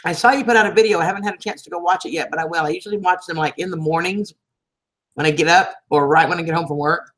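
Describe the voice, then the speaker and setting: A woman with a drawl hosts a relaxed livestream, greeting her viewers one by one. Her voice sits a little low for a woman, and she stays chatty and affectionate, calling people sweetheart and hon. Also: fast. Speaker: livestream host. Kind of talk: casual livestream chat with viewers.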